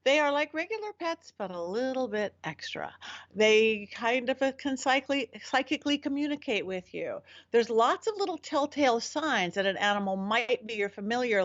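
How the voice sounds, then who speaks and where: A woman host talks through a casual lesson, her fairly high voice jumping up for emphasis and doubling back to correct herself. The sound is a little dull and lo-fi. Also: normal speed. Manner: lively, swooping emphasis, self-correcting. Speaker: podcast host teaching magic.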